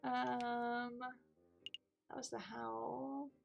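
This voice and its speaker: A woman's voice: on the high side, flat delivery, drawn-out words, gravelly, dull audio, soft background music. A woman giving casual, chatty and self-deprecating commentary as she plays a video game. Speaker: let's play gamer.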